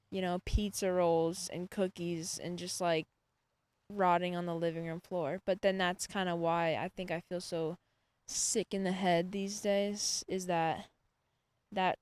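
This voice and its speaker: Rambling young woman, smooth voice. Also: fairly low pitch. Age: 20s. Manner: rambling, full of "like" fillers. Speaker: podcast host. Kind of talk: reflective solo monologue. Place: outdoors in a hammock.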